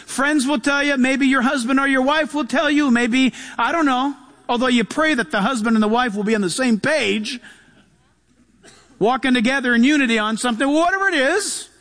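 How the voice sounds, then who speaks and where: A man preaching a sermon in a lively, animated way, acting out quotes and laughing often. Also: very high-pitched. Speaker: pastor. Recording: long hall reverb.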